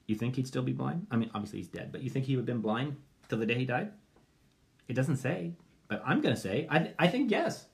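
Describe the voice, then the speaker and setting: A man pastor preaches a sermon in an animated way. His voice sits in a middle pitch but moves a lot, rising into loud pleading cries and then dropping to quiet muttered asides. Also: fairly quick, vocal fry.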